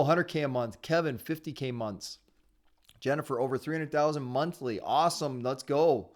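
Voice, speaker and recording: A man hosting a live online sales training webinar, talking fast in an upbeat, encouraging way. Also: a little high. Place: his home area in Ontario.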